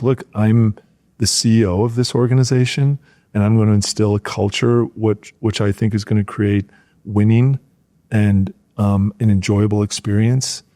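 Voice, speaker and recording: A middle-aged man from rural Wisconsin, a former football player, telling stories in a casual podcast interview and acting out his old coaches. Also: lowish voice. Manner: animated storyteller, acts out coaches' shouts in a raised voice.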